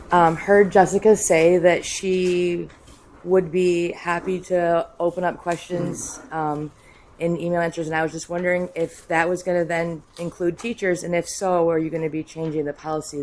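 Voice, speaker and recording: Polite woman with a low voice. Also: little pitch movement, darkish tone, a little hiss or hum, rough recording. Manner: polite, halting questions. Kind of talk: public comment at a board meeting.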